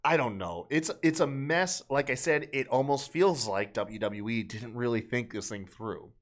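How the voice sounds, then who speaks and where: A man's voice: medium pitch, normal speed. Casual sarcastic male podcast co-host. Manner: sarcastic, loose and profane. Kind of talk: casual wrestling podcast chat.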